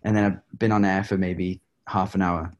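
A man's voice: sits low, moderate pace, dull audio. A man, a singer, telling stories in a casual interview, full of fillers and laughs. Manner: animated, laughs often, many fillers. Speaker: guest singer.

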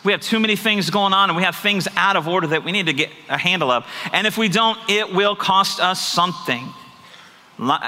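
A man's voice: a little high, bright, forceful tone. A man pastor preaching a sermon, earnest and confessional, often asking his listeners rhetorical questions. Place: church sanctuary. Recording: reverberant church hall.

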